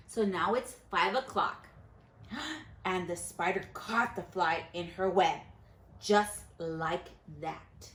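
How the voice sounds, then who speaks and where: A woman's voice: on the low side, echoey room. A woman teacher reading a picture book aloud to her class, stopping to quiz the children. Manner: animated storyteller who pauses to quiz children.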